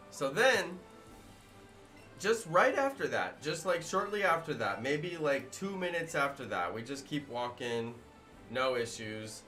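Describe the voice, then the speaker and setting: A man who makes gaming videos, telling a story to his viewers in a rambling, animated way. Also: mid-range voice. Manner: animated, rambling, many fillers.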